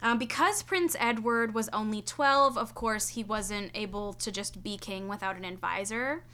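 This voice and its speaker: A woman's voice: medium pitch, moderate pace, pushed and bright, clear, resonant tone. A young woman co-hosting a podcast, telling a story in casual chat and rambling with fillers and asides. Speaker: podcast co-host.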